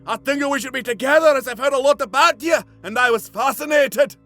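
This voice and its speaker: A lovesick young male slasher who gushes with breathless, mock-romantic devotion, as a man puts him on. His voice sits strikingly high and strained, with faint music in the background. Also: brisk, a bit bright, no room sound.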